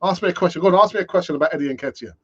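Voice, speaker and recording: A man hosting a solo live fan-channel stream, ranting and talking to himself in an animated way. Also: high-pitched, racing, breathy edge. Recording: dull lo-fi sound.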